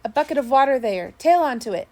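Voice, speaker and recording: A woman voicing a rough, commanding ship's mate who shouts orders. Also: mid-range voice, steady tone, moderate pace, natural voice. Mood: bellowing.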